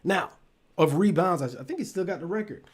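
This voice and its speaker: A man with a high, expressive voice talks briskly as he hosts a relationship talk show, chatting loosely with viewers in a casual live stream. He speaks straight to his audience, swears freely, laughs a lot, and often trails off mid-thought.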